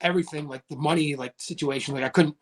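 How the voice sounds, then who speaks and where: Chatty higher-voiced man telling a story. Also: fairly even intonation, quick pace, a little hiss or hum. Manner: rambling, many "like" fillers. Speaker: podcast guest. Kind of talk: casual storytelling chat.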